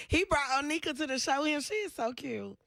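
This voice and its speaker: A woman's voice: high-pitched, expressive, normal speed, vocal fry, fairly bright tone, no room sound. A woman co-hosting a morning radio show, playful and laughing as she gossips in casual studio banter. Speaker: radio co-host. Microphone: studio microphone.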